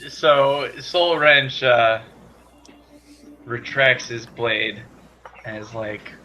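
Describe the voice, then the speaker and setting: A man's voice: medium pitch, highs cut off, noisy background. A man playing a tabletop game, asking questions and planning his character's moves. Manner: slow, thoughtful, asks questions. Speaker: player. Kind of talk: casual tabletop game chat.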